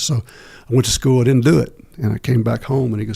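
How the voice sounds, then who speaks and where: Gravelly middle-aged man, halting. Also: medium pitch, steady tone, mellow. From Texas. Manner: halting, many filler pauses and restarts. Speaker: podcast guest. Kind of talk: candid interview storytelling.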